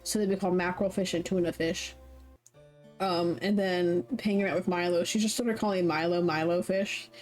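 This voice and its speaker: A woman's voice: lowish voice, steady tone, normal speed, darkish tone, faint music behind. A young adult woman streaming a game, chatting casually in a giggly, rambling, self-deprecating way and reading the story aloud. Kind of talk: casual chat while playing a game.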